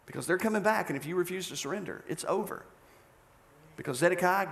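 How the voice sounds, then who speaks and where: A male pastor preaching a sermon, telling a story with animated delivery and acted-out scenes. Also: sits high, fast talker, vocal fry.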